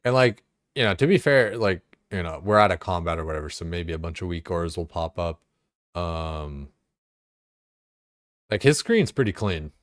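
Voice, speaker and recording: A man with a low voice chats casually on a game stream, rambling and swearing freely between fillers. The sound is dry and close, with no room echo. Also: expressive, normal speed, long pauses. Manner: rambling, profane, filler-heavy.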